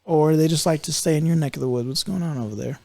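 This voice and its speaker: A man co-hosting a casual podcast, his voice a little higher than most men's. He jokes, swears freely and teases his co-host. The recording is close and dry. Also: fast, gravelly, dark tone, dry recording. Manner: joking, swears freely, teasing. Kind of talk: casual chat.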